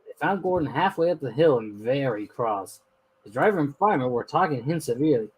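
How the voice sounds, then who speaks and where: A man reading a children's storybook aloud, expressive and lively with small slips. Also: medium pitch, fairly quick, a little hiss or hum, low-quality recording. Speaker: storybook narrator.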